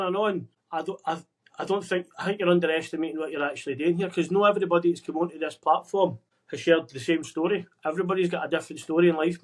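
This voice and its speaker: An earnest man talks quickly, pressing out encouragement in a slightly raised voice. He keeps turning to the listener with a friendly "mate", like a pep talk between old friends. The sound is that of a video call. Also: a little high. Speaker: podcast guest. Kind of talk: motivational casual chat. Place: remote conversation across the world.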